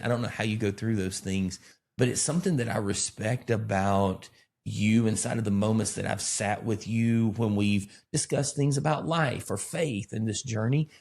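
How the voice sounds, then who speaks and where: A man from Alabama, a pastor in casual conversation who rambles and tells animated stories with self-deprecating humor. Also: lowish voice. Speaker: pastor and podcast co-host.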